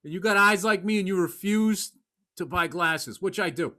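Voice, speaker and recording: Bright-voiced blunt man in his fifties. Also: high voice, moderate pace. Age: 50s. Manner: blunt, rambling, profane, joking. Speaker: podcast co-host. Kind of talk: casual chat.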